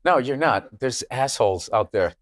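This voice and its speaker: A man's voice: mid-range voice, moderate pace, no echo, clean studio sound. A man comedian as a podcast guest, chatting casually, swearing and breaking into mock voices. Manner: animated, profane, jumps into mock voices.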